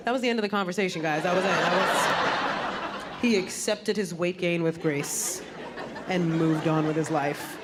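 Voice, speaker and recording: A woman's voice: fairly low pitch, moderate pace. A woman performing a stand-up comedy set, telling stories in a punchy way and acting out the voices of other people. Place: comedy stage. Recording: live club set with audible crowd and noise. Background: audience laughter and room noise.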